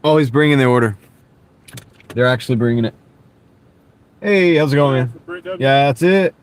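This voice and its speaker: This man, speaking in a mid-range voice at a moderate pace, streams live while making delivery-app runs, chatting with viewers and joking between drops. A wireless clip-on mic records him inside the car.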